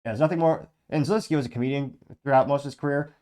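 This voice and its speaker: Guy hosting his own political commentary show, talks super fast, sarcastic and blunt, wired on coffee. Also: mid-range voice, mellow. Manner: rapid, sardonic and blunt. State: over-caffeinated. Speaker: host.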